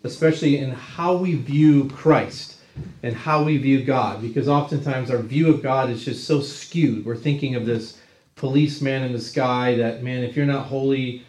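A man's voice: medium pitch, steady tone, normal speed, darkish tone. Man teaching a Bible class, roomy echo. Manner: conversational, checks in with 'right?' tags.

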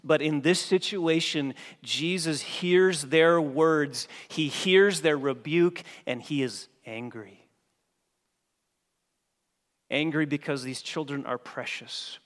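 A male pastor preaching a sermon, emphatic, repeating key phrases and slowing on words for stress. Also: a little high, in a large hall.

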